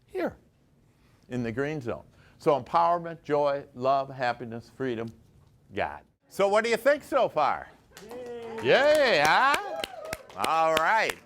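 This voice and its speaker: A man's voice: medium pitch, very animated, unhurried, a bit bright, a little hiss or hum. Upbeat male workshop coach. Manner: enthusiastic, chatty, laughs often. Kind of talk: live motivational workshop talk. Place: workshop room with a small group.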